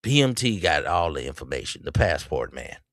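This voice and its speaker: A man hosting a podcast, giving preachy, mocking commentary and jumping up in pitch to taunt. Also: big pitch swings, a little fast, a bit bright, dry recording, clean studio sound. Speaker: podcast host. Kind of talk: reacting to clips with commentary.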